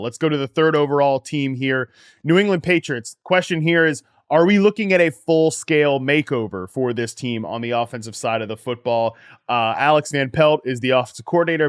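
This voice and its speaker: A man's voice: clear, resonant tone, dry recording, clean studio sound. A man co-hosting a fantasy football podcast, talking in a casual analytical way as he moves the conversation from team to team. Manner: energetic, runs the segments and pitches the questions. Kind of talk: casual sports analysis chat.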